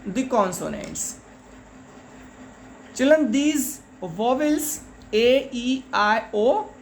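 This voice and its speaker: A woman teacher talks young children through a grammar lesson, repeating each point with patience. Her voice sits a little high, and she takes it very slowly. A faint noise hums under the recording. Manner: slow, patient explaining with frequent repetition.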